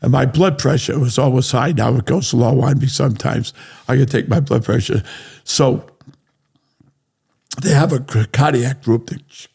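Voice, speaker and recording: An older man, a guest on a talk show, spins loose stories with a blunt, salty tongue. His voice is gravelly and husky at a middle pitch, and he keeps asking "right?" and laughing through his tales. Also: a little mellow. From Rhode Island, USA. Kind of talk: casual storytelling.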